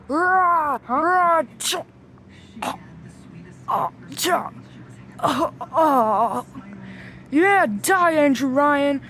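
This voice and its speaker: Excitable high-voiced woman doing toy role-play. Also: slight background noise. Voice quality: excitable, switches between many character voices with shouted sound effects. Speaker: plush toy storyteller.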